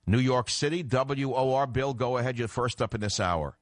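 A middle-aged man hosting a political talk radio show, combative and emphatic, swinging from low muttering to loud outbursts. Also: moderate pace, dry recording, clean studio sound.

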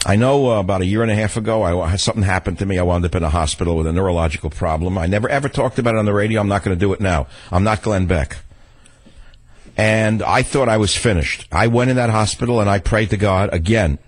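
An older man with a husky voice, hosting a radio talk show as a ranting, repetitive monologue that jumps up in pitch for emphasis. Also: fast, rough recording.

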